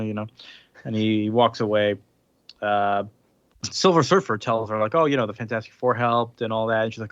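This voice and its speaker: A man co-hosting a podcast, casually recapping a comic book with lots of fillers and quick mock voices. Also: on the low side, no room sound, muffled recording. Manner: relaxed, filler-heavy storytelling with mock voices. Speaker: podcast co-host.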